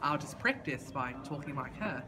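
A man's voice: fairly high pitch, big pitch swings, normal speed, over music. A man from the Boston area chatting casually in a rambling, filler-heavy, self-deprecating way. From Massachusetts, Boston area. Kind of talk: casual chat. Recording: loud background noise.

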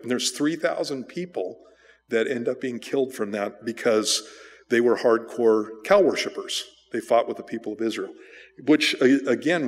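A man, a pastor, giving a casual, conversational sermon full of restarts and asides. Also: mid-range voice. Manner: casual, rambling with restarts and fillers. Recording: church hall with long reverb.

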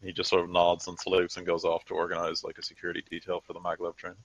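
A male game master narrates a tabletop game in a very deep voice. He talks loosely, full of fillers. The recording is dull and lo-fi. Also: monotone, quick pace.

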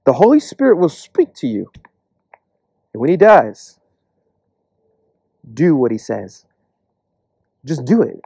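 A man preaching a casual, earnest sermon, acting out imagined voices in quick asides. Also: mid-range voice, dark tone, no echo.

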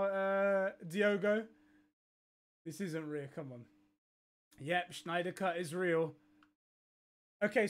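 A young man streaming live, swearing and laughing in disbelief as he reacts. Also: high-pitched.

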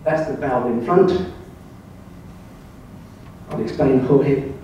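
An older man from England giving a slide presentation at a club, telling wry, anecdotal stories in a relaxed way. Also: mid-range voice, slow, far from the mic, dull audio, slight background noise. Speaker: club speaker. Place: club meeting room. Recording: very echoey room, voice heard from afar.

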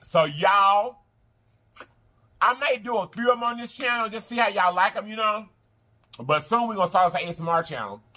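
Woman host, bright, bubbly, chatty, repeats herself a lot, casual chat to viewers. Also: mid-range voice. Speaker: mukbang channel host.

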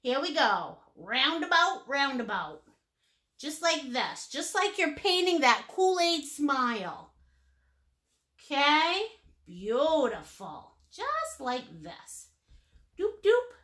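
A woman's voice: high-pitched, sharp tone. A woman leading a live painting lesson, chatty and encouraging, laughing often and greeting viewers with pet names. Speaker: painting instructor.

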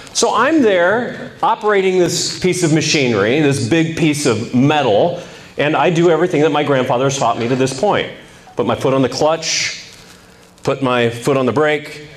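Middle-aged male speaker, animated storyteller with humor, faint hiss behind. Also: on the high side. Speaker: speaker at a men's ministry event. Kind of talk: storytelling talk.

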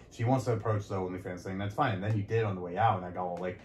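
Low-voiced man rambling in an echoey room. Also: fairly even intonation, fast, hardly any pauses. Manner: rambling, many fillers and self-corrections. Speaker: podcast guest. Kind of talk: casual frank conversation. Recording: echoey room, light background noise.

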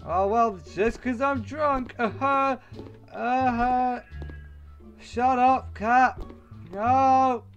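A man's voice: very high voice, steady tone, drawn-out words, fairly bright tone, muffled recording, faint music behind. A young man commentating a video game, swearing and exclaiming as he rambles along. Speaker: gamer. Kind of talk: let's play commentary.

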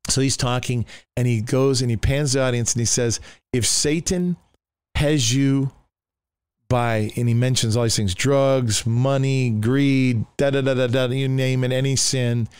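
A middle-aged pastor with a clear, resonant, medium-pitched voice tells his testimony at a moderate pace, barely pausing, in a dry recording. It's conversational storytelling, and he animatedly imitates the people involved.

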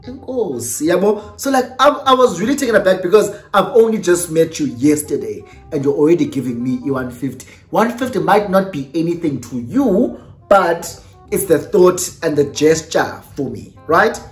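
A young South African vlogger tells a personal story with lively energy, moving between English and Xhosa mid-sentence. The voice sits at a middling pitch. The room has a noticeable echo, and soft music plays underneath. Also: moderate pace. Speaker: YouTuber. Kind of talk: storytime vlog. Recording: roomy echo with faint music.

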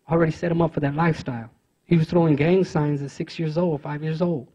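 A man giving a speech at a conference, telling personal stories in an earnest, halting way with many fillers and restarts. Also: on the high side, slightly rough, muffled recording. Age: adult father of teenage sons. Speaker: conference speaker.

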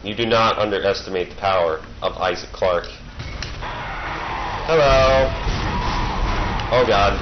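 A man's voice: lowish voice, takes it slowly, long pauses. A man giving casual joking commentary while playing a video game, rambling and playful. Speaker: let's-play gamer. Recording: muffled with game noise behind. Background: game sounds.

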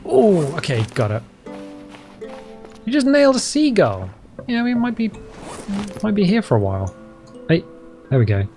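Chatty gaming-channel man, casual play-along commentary, very lively pitch, music bed faintly behind. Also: normal speed, long pauses. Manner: chatty, explains game steps while playing.

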